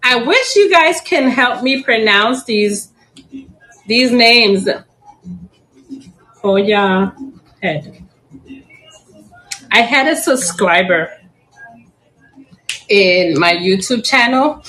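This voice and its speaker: A woman's voice: a little high, expressive, takes it slowly, long pauses, pushed and bright, poor audio. A middle-aged woman hosting a casual live plant sale. She chats, giggles often and stumbles over plant names, sometimes spelling them out. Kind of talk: casual live-auction chat.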